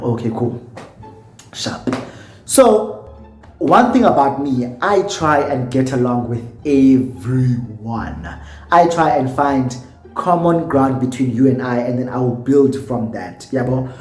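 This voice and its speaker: A man's voice: medium pitch, unhurried, reverberant, soft background music. A tipsy South African man with a South African accent, telling a story in a vlog and acting out what people said. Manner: animated storyteller who acts out quotes. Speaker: YouTuber.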